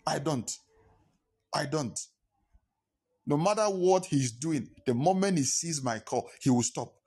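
A man's voice: on the high side, lively intonation, measured pace, a little mellow, breathy edge. Man preaching a sermon. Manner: preaching with repetition, acting out phone calls in pidgin. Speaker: pastor.

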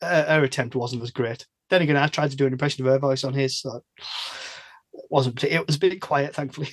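A man's voice: mid-range voice, fairly quick, no room sound. A British man chatting as a podcast guest, rambling, restarting his sentences and laughing between thoughts. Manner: rambling, self-interrupting, laughs often. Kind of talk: casual chat.

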